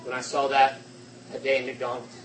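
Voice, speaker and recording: A man preaching a sermon with passion, swinging between shouting and hushed, quiet tones. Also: mid-range voice, completely flat delivery, normal speed, slight background noise, rough recording.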